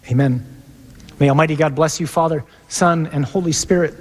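A priest preaching to his parish with earnest, drawn-out emphatic pauses, then leading a prayer. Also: a little high, fairly even intonation. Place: large church. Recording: long church reverb.

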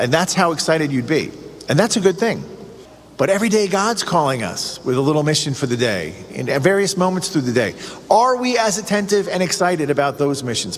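A man preaching a sermon in an earnest way, asking the listener questions and growing excited. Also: high voice. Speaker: priest or preacher on a radio show. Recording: long reverb, faint ambient noise.

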